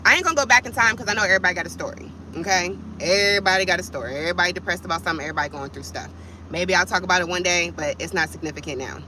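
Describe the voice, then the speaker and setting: Bright-voiced woman ranting on her live, blunt and cussing, faint hum behind her. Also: lowish voice, very fast, poor audio. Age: adult with kids. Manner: blunt, profane, fired up, talks straight to viewers. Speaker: vlogger on a livestream. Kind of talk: heated livestream vent.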